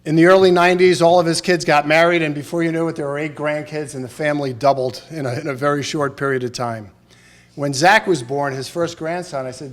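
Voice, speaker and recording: A man's voice: fairly high pitch, fairly even intonation, a little fast. A middle-aged man at a podium microphone in a funeral chapel, giving a eulogy full of humorous anecdotes and chuckling through the stories.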